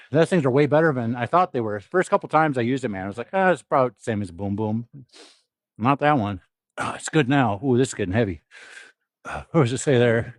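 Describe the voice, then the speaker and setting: Animated and fairly quick, a young man with a mid-range, stuffy, nasal voice livestreams from an indoor gym. The fitness vlogger from South Dakota is casual and profane, rambling and laughing often, and the recording is dry and studio quality.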